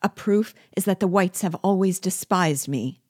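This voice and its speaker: Woman doing a desperate male prisoner, pleading, low voice, dry close sound. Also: steady tone, a little slow, a little mellow, dry recording. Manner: desperate, pleading, rising in pitch. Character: terrified male planter pleading for his life.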